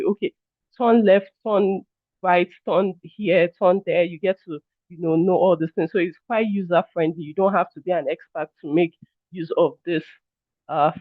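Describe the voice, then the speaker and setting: A man's voice: sits high, no room sound. A man leading a live online training session over a video call, chatty and apologetic, often calling his listeners "guys". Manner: apologetic, checks on the audience. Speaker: workshop trainer. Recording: tinny phone-like online call audio.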